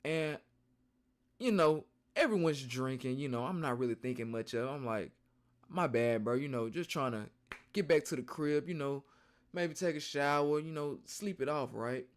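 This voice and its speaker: Young man, streamer, casual slang, rambling storytelling, animated. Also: a little high, moderate pace.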